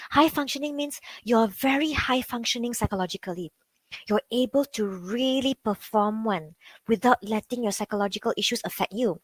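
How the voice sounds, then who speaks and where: A woman's voice: a little high, no room sound, low-quality recording. Woman, Malaysian English accent, psychology coach, casual talk, chatty, questions to listeners, dry close sound. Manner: chatty, peppers speech with "like", asks the audience questions. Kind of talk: conversational online talk.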